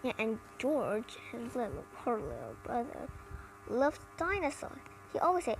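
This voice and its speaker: A woman's voice: on the high side, very animated, moderate pace, faint music behind, poor audio. A woman with an American accent chatting casually in a review video, rambling with many "like" fillers. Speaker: cartoon reviewer. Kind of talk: casual chat.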